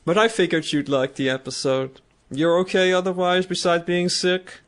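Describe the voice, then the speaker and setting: Man, podcast co-host, casual rambling chat, slightly high voice, laughs a lot. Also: fairly even intonation, normal speed, fairly bright tone.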